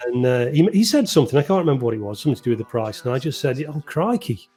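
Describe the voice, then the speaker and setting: A man's voice: medium pitch, expressive, very fast, warm tone, faint music behind. A middle-aged English man, a guest musician, telling stories in a chatty, self-deprecating way during a casual interview. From England. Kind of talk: casual video-call chat.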